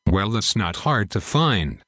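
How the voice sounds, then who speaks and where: Male reader as a wisecracking young soldier, teasing, low-voiced. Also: very animated, slow, a bit bright, dry recording, clean studio sound, full character voice. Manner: joking, teasing.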